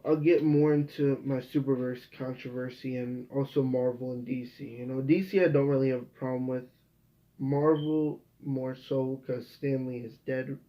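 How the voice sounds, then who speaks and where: A young man talks straight to camera in a loose, rambling monologue. He swears freely and keeps restarting his sentences, at an ordinary middle pitch. The sound is muffled and lo-fi. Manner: rambling, profane, frequent restarts. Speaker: video creator. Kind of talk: casual vlog monologue. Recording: dull lo-fi recording.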